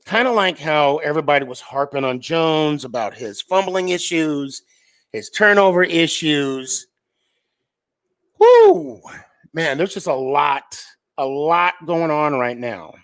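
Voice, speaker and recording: A man's voice: fairly high pitch, fairly bright tone. A man hosting a live sports podcast stream, talking casually and rambling with lots of fillers and restarts.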